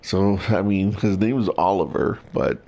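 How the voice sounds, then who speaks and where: A man's voice: deep voice, moderate pace, vocal fry, dark tone. A young man streaming a video game, joking and sarcastic as he comments and reads lines in a put-on accent.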